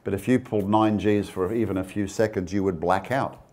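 A man's voice: on the low side, steady tone, fairly quick, a little mellow. A man giving a presentation with slides to a live audience. He talks conversationally, asks the listeners questions and throws in joking asides. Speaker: guest speaker.

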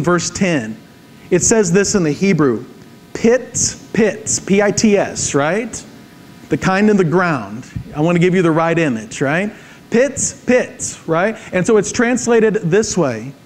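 High-voiced pastor preaching dramatically. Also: male voice, slight background noise, poor audio. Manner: dramatic, swings from hushed to emphatic when reading scripture; repeats words for emphasis, asks the audience "right?". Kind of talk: sermon.

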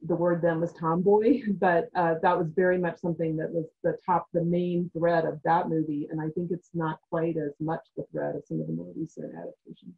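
A woman on a discussion panel, talking in a measured academic way and thinking aloud with frequent pauses. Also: on the low side, little pitch movement, creaky, breathy edge, phone-quality sound.

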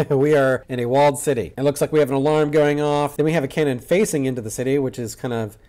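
A man's voice: medium pitch, fast talker, warm tone. A man reviewing a manga in a casual way, joking and chuckling as he goes. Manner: joking, chuckles between lines.

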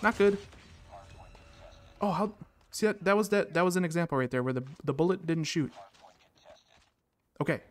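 A man with a high voice talks through his own match as a gaming channel host. He reacts with quick bursts of excitement and drops playful catchphrases between plays, recorded on a desk mic. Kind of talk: casual gameplay commentary.

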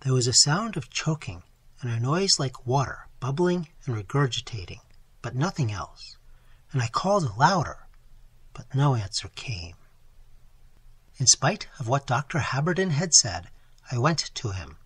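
A man reading a gothic novel aloud in a dramatic, expressive style, his voice strained from long sessions. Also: medium pitch, unhurried, husky, no room sound. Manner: dramatic, animated storytelling. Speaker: audiobook narrator.

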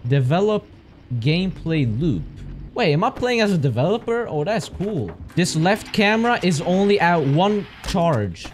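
A young man with a high, wildly swinging voice calls out each moment of a horror game, hyper and loud, cursing as he goes. Eerie game ambience hums clearly behind his speech. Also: big pitch swings, a little slow, slight background noise. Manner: hyper, jumpy, loud reactions and swearing. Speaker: gaming channel host. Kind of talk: horror game let's play commentary.

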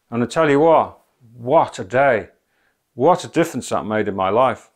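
A man's voice: medium pitch, animated, normal speed. A middle-aged man telling his own spiritual testimony in an earnest, conversational way, full of "you know" asides. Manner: earnest and conversational, many you-knows, rising to near-shouting when reliving anger. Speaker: speaker giving a spiritual testimony. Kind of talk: personal testimony storytelling.

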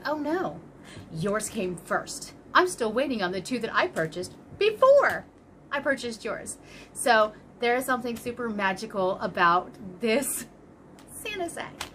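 A woman's voice: on the high side, sing-song, a little slow, fairly bright tone, slight background noise. A woman in her fifties chatting casually and rambling happily as she hosts a crochet vlog and opens a parcel. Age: 50s. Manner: bubbly, rambling, giggly. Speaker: crochet channel host. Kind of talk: casual vlog chat, unboxing.

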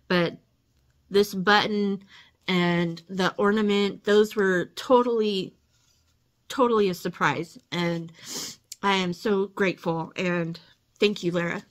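Slow-talking teary woman vlogger. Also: mid-range voice. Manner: gushing, emotional, laughing often. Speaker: channel host. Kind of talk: casual unboxing vlog.

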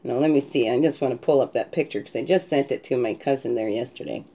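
A woman's voice: very deep voice, quick pace, mellow. A woman talking as a spiritual guide, musing and reflective, often checking in with a "right?" as she prepares a card reading. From Canada.

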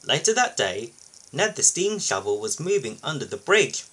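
A man reading a children's picture book aloud for his video channel, expressive and lively. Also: mid-range voice, normal speed, breathy edge, low-quality recording. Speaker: YouTube storybook reader.

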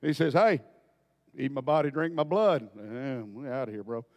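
A man preaching a folksy storytelling sermon, dropping to quiet asides and then bursting into loud shouts. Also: medium pitch, normal speed, big-room sound.

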